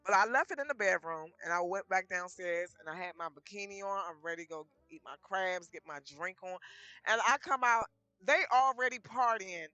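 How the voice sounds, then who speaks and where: A woman's voice: mid-range voice, normal speed, no room sound, soft background music. A woman casually telling her life story, acting out quoted back-and-forth dialogue as she goes. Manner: lively retelling full of quoted dialogue.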